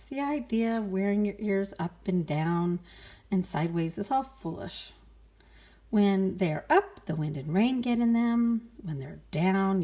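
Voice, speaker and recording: A woman's voice: lowish voice, mellow, husky, heavily acted. A woman doing a sleepy mother pig.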